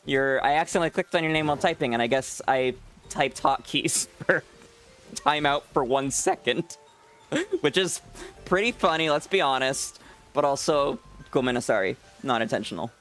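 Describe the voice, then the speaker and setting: A man's voice: mid-range voice, normal speed, fairly bright tone, faint music behind. A man streaming a game and chatting with viewers, teasing them, swearing freely and laughing often. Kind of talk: casual live-stream chat with viewers.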